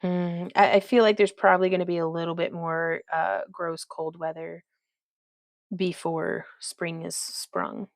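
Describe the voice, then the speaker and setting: A woman's voice: on the low side, little pitch movement, unhurried, gravelly, no echo, clean studio sound. A woman hosting a casual crafting livestream, chatting as she works and reading viewer comments aloud. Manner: chatty, reads viewer comments aloud, talks to her dog.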